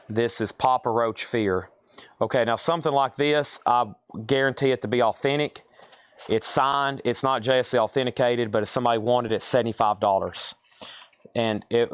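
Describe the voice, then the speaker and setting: A man hosting a live online sale, calling out prices and buyers' names and thinking aloud as he sorts items indoors. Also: mid-range voice. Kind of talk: live auction selling.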